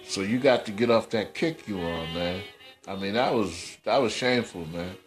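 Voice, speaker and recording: A man's voice: fairly low pitch, animated, normal speed, music in the background. Scolding male podcast host. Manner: scolding, slangy, repeats himself. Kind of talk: casual commentary podcast.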